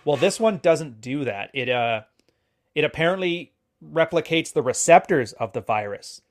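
A man's voice: on the high side, expressive. A man co-hosting a podcast, talking in casual chat with blunt, joking opinions. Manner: speaks quickly in long runs. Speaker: podcast co-host.

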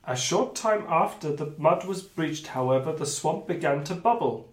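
A man's voice: on the high side, animated, normal speed. A man running a tabletop adventure as game master, reading the scenes aloud between sweary asides. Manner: reads narration, then breaks off for sweary asides. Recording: echoey room.

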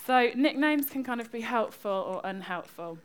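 A woman's voice: fairly high pitch, normal speed, clear, resonant tone. A young woman, giving a chatty, joking sermon and talking back and forth with her congregation. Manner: chatty, lively, joking with the audience. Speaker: preacher.

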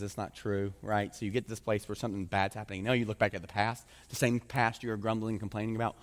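A man preaching a sermon as pastor in a church, casual and joking in a conversational way. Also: medium pitch. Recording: long reverb of a large hall.

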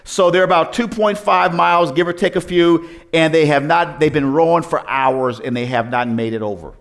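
A man's voice: a little high, moderate pace, fairly bright tone. A male pastor delivers a sermon in a slightly raised voice, retelling the story as if chatting with the congregation. He tosses out rhetorical questions, stumbles and restarts, and keeps the tone loose and conversational.

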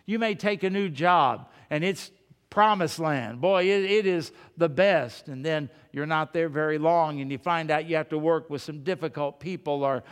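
A male preacher speaks at normal speed in a high, smooth, resonant voice, addressing his congregation as folks, like people across the table. He asks one rhetorical question after another, and the long reverb of a large hall carries his words.

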